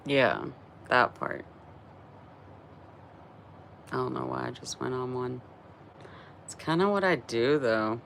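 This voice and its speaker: A tired woman in her forties hosts a casual livestream, chatty and rambling, with frequent laughter between thoughts. Her bass voice is slow, creaky and a bit bright, with many pauses. Slight background noise is audible.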